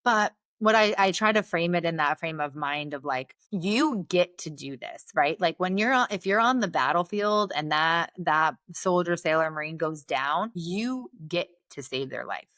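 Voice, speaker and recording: A woman physician telling stories in an interview, animated and peppering her talk with "like" and "right?". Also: fairly low pitch, normal speed, few pauses, no echo, studio quality. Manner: animated, fills speech with "like" and "right?". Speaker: guest, Navy physician. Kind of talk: conversational interview storytelling.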